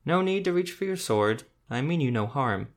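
A man voicing a rough male hunter-tracker who talks casually with folksy grammar. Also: mid-range voice, animated, normal speed, lightly acted. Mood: laid-back.

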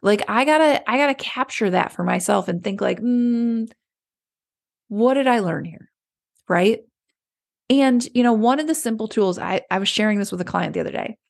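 A woman coach talks in a relaxed, conversational way, as if chatting with a friend. Her voice carries a noticeable gravelly fry. She keeps slipping into little acted-out inner voices to make her point. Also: medium pitch, brisk. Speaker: clarity coach. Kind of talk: casual motivational talk.

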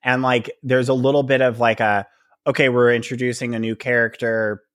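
A man co-hosting a podcast, giving his frank, chatty opinions on a film's characters. He swears casually and talks in a loose, conversational way. His voice sits at a middle pitch and sounds dry and close to the mic. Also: level tone, fairly quick, a bit bright, dry recording. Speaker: podcast co-host. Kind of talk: casual film discussion.

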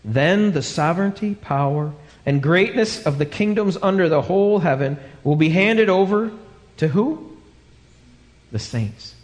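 A man's voice: high-pitched, expressive, unhurried. A male pastor preaching a live sermon, telling a story dramatically and acting out the voices in it. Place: church sanctuary. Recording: live church hall with long reverb.

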